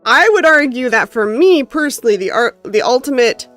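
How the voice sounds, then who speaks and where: A woman's voice: high voice, expressive, moderate pace, fairly bright tone, faint music behind. A woman with a North American accent streaming a game, reading its story text aloud with expression and breaking off into casual asides to chat. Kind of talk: reading a visual novel aloud while chatting with stream chat.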